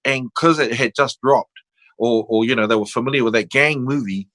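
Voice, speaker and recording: Older man, New Zealand accent, podcast guest, casual storytelling, lively quoted voices, dry sound. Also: medium pitch, moderate pace, dry recording, low-quality recording.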